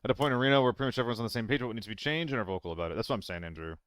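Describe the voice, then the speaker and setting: A man giving casual commentary while streaming a game, rambling and answering chat, with hiccups and throat clearing. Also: medium pitch, racing, a bit bright, dry recording.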